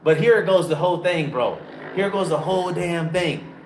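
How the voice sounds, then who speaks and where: Loud, profane American man on a phone. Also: normal speed, slight background noise. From United States. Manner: loud, profane and animated, with big pitch jumps. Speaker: travel vlogger. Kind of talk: casual storytelling to camera. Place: dim room. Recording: echoey room on a phone.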